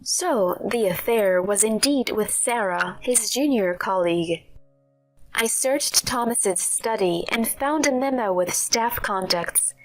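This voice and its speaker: A woman's voice: mid-range voice, slow, no room sound, poor audio. Woman narrating a story over music. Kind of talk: scripted narration.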